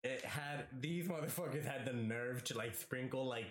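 A man's voice: mid-range voice, normal speed. Young guy telling a story, does all the voices, swears a lot, echoey room. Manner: animated storyteller who acts out quoted voices, swears freely. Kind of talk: casual storytelling chat.

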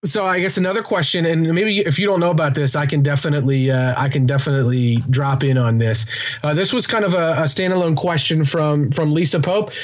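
A man from Kentucky co-hosting a podcast, chatting casually and joking about a TV series. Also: on the high side. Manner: chatty, animated, quick to joke. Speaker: podcast co-host.

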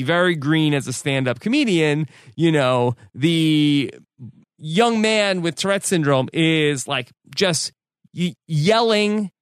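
A man's voice: on the high side, fairly bright tone, smooth, no echo, clean studio sound. A man on a podcast, casually telling a story with many fillers and restarts. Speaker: podcast co-host. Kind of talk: casual chat recounting a story.

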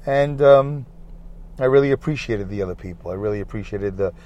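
A man's voice: fairly low pitch, brisk, mellow, highs cut off, slight background noise. A man with a Brooklyn accent hosting a rambling solo podcast, chatty, repetitive and self-deprecating. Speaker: podcast host. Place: in a parked car.

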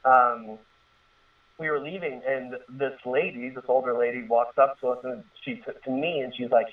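A guest in his thirties tells a personal story in casual, earnest fashion, rambling with lots of fillers and restarts. His voice is medium-pitched and steady at a normal speed. It comes over a tinny, phone-line radio connection and sounds distant from the mic.

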